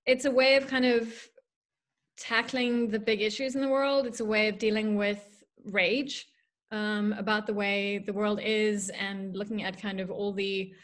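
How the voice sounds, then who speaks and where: A woman from South Africa with a mixed, drifting accent, chatting casually as an author guest over a video call, self-deprecating and full of fillers. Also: medium pitch. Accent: mixed South African, drifting toward American and Irish. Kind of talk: casual interview.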